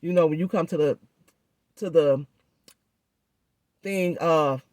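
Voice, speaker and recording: A woman vlogger telling a story in a chatty, animated way, speaking through a swollen jaw and addressing viewers directly. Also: deep voice, slow, pauses often, no room sound, clean studio sound. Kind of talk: casual storytelling vlog.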